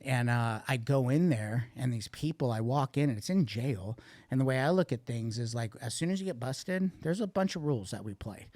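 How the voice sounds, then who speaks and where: A man's voice: medium pitch, expressive, moderate pace, a little mellow, no echo, clean studio sound. A man guest on a podcast, candidly telling a rambling, profanity-laced story about addiction and recovery. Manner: profane, blunt, rambling with restarts.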